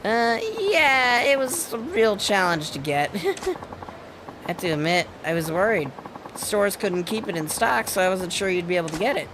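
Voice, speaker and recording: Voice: mid-range voice, expressive, noisy background, lightly acted. A streamer reading a sheepish young boyfriend. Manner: hesitant, halting. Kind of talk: reading game dialogue aloud.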